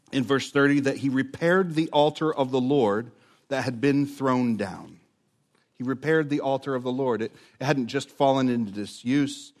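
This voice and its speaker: A man preaching a sermon, earnest and building to emphatic repetition. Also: mid-range voice. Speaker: pastor.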